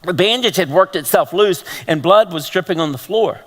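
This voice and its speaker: High-voiced pastor preaching in a reverberant hall. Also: male voice, lively intonation, normal speed, fairly bright tone. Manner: storytelling with repeated questions to the congregation. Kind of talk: sermon. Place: church hall.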